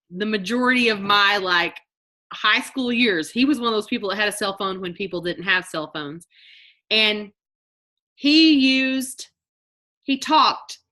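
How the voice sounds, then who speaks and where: A woman leads a motivational workshop over a video call, her voice bright and forward. She talks in an animated way and slips into mock voices to act out everyday complaints. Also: mid-range voice. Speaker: motivational speaker. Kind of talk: live online workshop talk.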